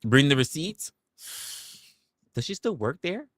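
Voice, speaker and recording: A young man on a livestream, telling a story to his viewers in a casual, profane, animated way and acting out quotes. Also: mid-range voice, a little slow, no room sound, clean studio sound. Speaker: livestream host.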